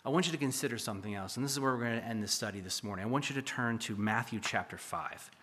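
A man's voice: mid-range voice, quick pace, fairly bright tone, slight background noise. A male pastor preaching a sermon in church, reading scripture aloud with emphasis and explaining it.

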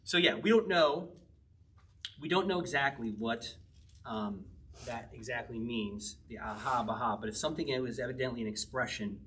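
A man preaching a conversational sermon, teaching verse by verse, slowing down to read scripture aloud and chuckling now and then. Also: medium pitch, fairly bright tone, distant mic, slight background noise. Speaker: pastor.

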